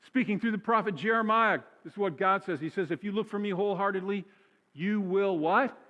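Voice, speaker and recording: A man's voice: high-pitched, brisk, pushed and bright, highs cut off. A male pastor preaching a sermon in a conversational way, repeating key phrases for emphasis. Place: church sanctuary. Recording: church hall with long reverb.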